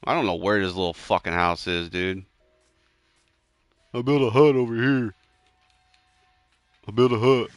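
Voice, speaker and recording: A man's voice: on the low side, a little slow, long pauses, no room sound, faint music behind. A young man streaming a game, chatting casually with friends, ranting with heavy swearing and lots of "bro" and "dude.". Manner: jumps to loud excited yelps in tense moments. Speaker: gamer streaming his play. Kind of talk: casual gaming chat with friends.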